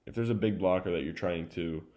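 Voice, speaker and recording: A man's voice: sits low, fairly quick, a little mellow, muffled recording. A young man casually breaking down volleyball game film, chatty and loose with lots of fillers and asides.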